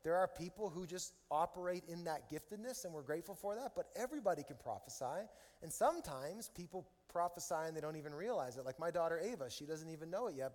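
A middle-aged man preaching a sermon as pastor, telling stories with animated energy that rises to loud emotional peaks. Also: high-pitched. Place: large church hall with live audience. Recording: reverberant hall with soft music behind.

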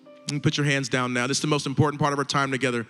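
Fervent fast-talking pastor in a hall. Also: male voice, medium pitch, level tone, a bit bright. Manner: fervent, repetitive exhortation. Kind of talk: sermon altar call. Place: large church hall with balcony. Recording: long hall reverb, faint music.

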